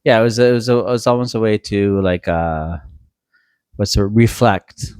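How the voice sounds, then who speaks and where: Man, easygoing podcast co-host, joking, deepish voice, dry close sound. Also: unhurried, a little mellow, smooth, no room sound. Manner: easygoing, joking, many fillers. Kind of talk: casual chat.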